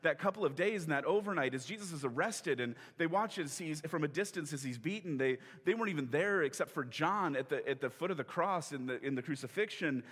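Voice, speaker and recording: Man preaching in a big reverberant sanctuary, relaxed retelling, acts out the dialogue. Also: on the high side, fairly quick, hardly any pauses, slightly rough. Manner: conversational storytelling, acting out quoted lines with laughs. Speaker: pastor. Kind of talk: sermon. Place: church sanctuary.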